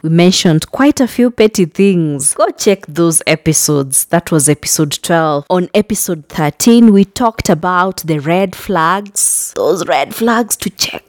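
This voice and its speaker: A woman hosting a podcast, recapping past episodes in a chatty, animated way and laughing often. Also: lowish voice, unhurried, few pauses, no room sound, studio quality. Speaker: podcast host.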